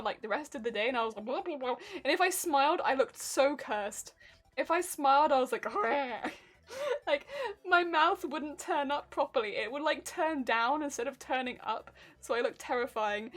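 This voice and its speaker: A woman streamer chatting casually with her viewers, telling animated stories and laughing often. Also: sits high. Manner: reads and answers viewer chat. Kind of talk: casual live-stream chat.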